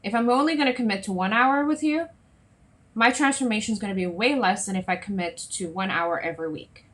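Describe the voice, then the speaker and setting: A woman coach talks straight to her viewers on a live stream, at an ordinary middle pitch for a woman. She keeps it chatty and lively and keeps checking in with her listeners as she goes. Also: fairly quick. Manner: chatty, often checks in with "right?" and "okay?"; lively, acts out little scenes in other voices. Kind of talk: solo Facebook Live talk to viewers.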